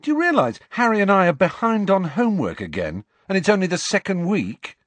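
A man's voice: high voice, big pitch swings, fairly quick, fairly bright tone, dry recording, pitched above the performer's own voice, heavily acted. A man voicing a glum, blunt teenage boy who grumbles and complains. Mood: grumbling.

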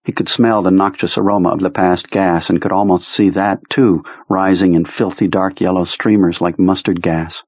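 Low husky guy reading a novel aloud, dry dull-sounding mic. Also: fairly even intonation, normal speed, hardly any pauses, darkish tone, no echo. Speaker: narrator. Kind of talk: audiobook narration. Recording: dry, slightly muffled recording.

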